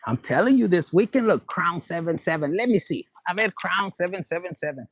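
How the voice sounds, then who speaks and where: A man's voice: high-pitched, animated, a little fast, breathy edge, dry recording. A man giving a casual tarot reading, playful and profane, dropping Spanish phrases. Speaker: tarot reader.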